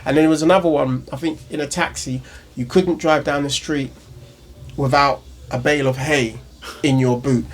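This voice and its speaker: Guy chatting on a podcast, slightly high voice, goes on about old laws. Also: fairly even intonation, moderate pace. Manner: explains at length, laughs along. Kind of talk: casual chat.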